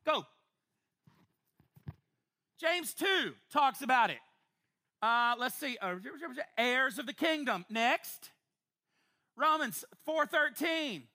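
A woman pastor, preaching a sermon to a congregation in an animated, playful way with quick asides. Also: high voice. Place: church before a congregation.

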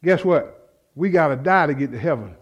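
This is a lo-fi recording of a man with a fairly high pitch preaching animatedly at normal speed. Fervent yet conversational, he leans on repetition and call-and-response with his congregation.

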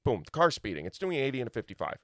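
Animated, argumentative male podcast co-host. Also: mid-range voice, rapid-fire, dry recording, clean studio sound. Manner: argumentative, playing devil's advocate. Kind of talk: casual chat.

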